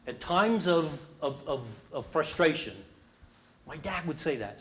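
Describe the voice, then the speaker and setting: A man's voice: a little high, sing-song, unhurried, a bit bright, slight background noise. A middle-aged man presenting a leadership workshop, speaking with animation and asking the audience questions. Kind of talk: interactive leadership workshop talk.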